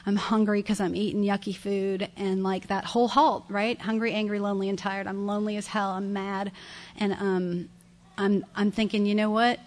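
A middle-aged woman speaking to a meeting room audience, giving a candid, conversational personal testimony about recovery, with soft laughs and repeated phrases. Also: medium pitch, little pitch movement, moderate pace. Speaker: speaker sharing her recovery story.

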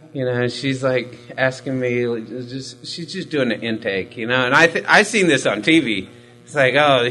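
A man's voice: mid-range voice, a bit bright, rough recording. Profane, rambling man telling his story. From Hispanic military family background. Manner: profane, rambling, self-mocking with frequent fillers. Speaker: recovery storyteller. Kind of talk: candid personal testimony.

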